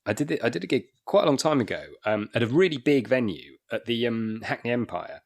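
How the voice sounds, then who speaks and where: A man's voice: mid-range voice, expressive, brisk, creaky. A man in his forties from Wakefield in England, a comedian telling rambling anecdotes in a casual podcast chat, with frequent restarts and chuckles. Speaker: guest comedian.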